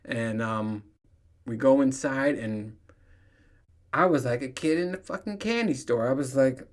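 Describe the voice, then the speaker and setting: A man's voice: mid-range voice, a little slow, pauses often. Profane man telling stories, laughing. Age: 30s. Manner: profane, storytelling, laughs often. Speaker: podcast host. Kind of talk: casual solo monologue.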